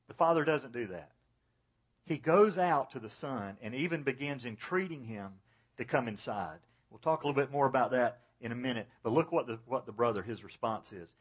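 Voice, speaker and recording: A man's voice: mid-range voice, a little fast. A man preaching a sermon as pastor, dramatically acting out the lines of the story's characters. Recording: dull, lo-fi church recording.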